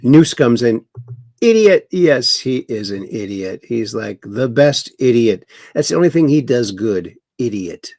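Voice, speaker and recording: A man's voice: mid-range voice, measured pace, vocal fry, hardly any pauses, darkish tone, no room sound, clean studio sound. A man hosting a livestream, reading viewer chat aloud and mocking the news with chuckles. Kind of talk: casual political commentary livestream. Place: home in Wisconsin.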